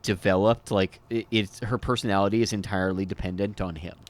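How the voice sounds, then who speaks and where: A man co-hosting a podcast, adding measured, dry remarks in a casual chat. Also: on the low side, steady tone.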